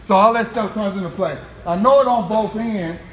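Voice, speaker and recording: A man's voice: high-pitched, normal speed, a bit bright. An American man giving a humorous speech as a motivational speaker. He tells stories with plenty of jokes and often laughs. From United States. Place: event hall with a live audience. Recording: echoey hall, noisy.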